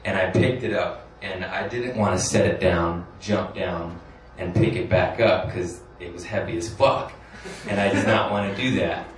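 A man's voice: sits low, fairly even intonation, moderate pace. A man doing stand-up, telling a rambling, crude, self-deprecating story and chuckling through his lines. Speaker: stand-up comedian. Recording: echoey room from a distance, noisy.

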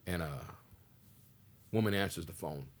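Older male comic from the Pacific Northwest, low husky voice, rapid slangy storytelling. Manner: animated, slangy storyteller acting out dialogue. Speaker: stand-up comedian guest. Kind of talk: casual storytelling interview.

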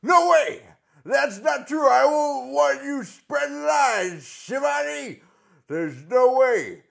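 A man doing a comedy impression of a brash, boastful aging male pro wrestler who yells and swaggers. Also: extremely high pitch, expressive, slow pace, vocal fry, pitched above the performer's own voice, full character voice. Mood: indignant. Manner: loud, swaggering, with "woo" yells.

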